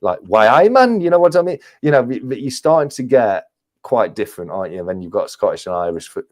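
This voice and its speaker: Chatty English man, low voice. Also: quick pace, darkish tone. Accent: English, with some northern influence. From England. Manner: chatty, laughs often, many restarts. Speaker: guest on a livestream panel. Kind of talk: casual chat.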